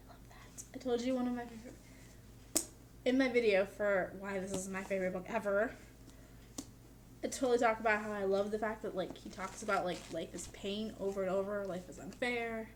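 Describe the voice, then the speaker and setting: A woman's voice: medium pitch, moderate pace, long pauses, slight background noise. A young woman vlogging in a casual, chatty way, with dry humor and lots of "like". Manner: chatty, peppered with "like". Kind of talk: casual chat to camera.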